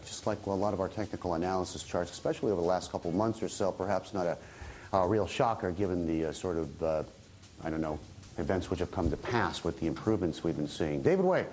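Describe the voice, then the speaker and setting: A man's voice: low-pitched, animated, a little fast, darkish tone, rough recording. A man hosting a business news show, asking probing questions in a conversational way. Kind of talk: broadcast interview.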